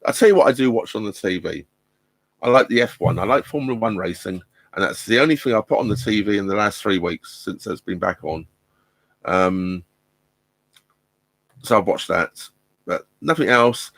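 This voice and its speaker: A man's voice: on the low side, expressive, moderate pace, vocal fry, long pauses, a bit bright, dry recording. A middle-aged man chatting casually on a live stream from inside his narrowboat, hesitant and full of ums and restarts. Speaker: vlogger hosting a live stream. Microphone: laptop mic.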